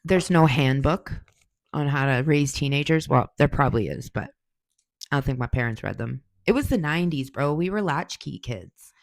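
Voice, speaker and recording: Taking listener questions in a loose monologue, this podcast host in her forties speaks with a deep, expressive voice at a moderate pace. The recording has no room sound, and her storytelling is heated, blunt and full of profanity.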